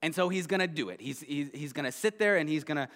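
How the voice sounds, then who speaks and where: A male pastor giving a casual sermon, retelling a children's story in a conversational way and often checking in with a quick "right?". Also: fairly high pitch, lively intonation, fairly bright tone. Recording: long hall reverb.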